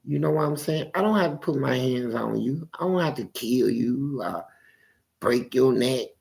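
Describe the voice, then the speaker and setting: A man's voice: mid-range voice, moderate pace, creaky. A man in casual conversation, animatedly telling stories from his life and acting out his family's voices. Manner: animated storyteller who acts out family voices. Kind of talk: casual storytelling chat.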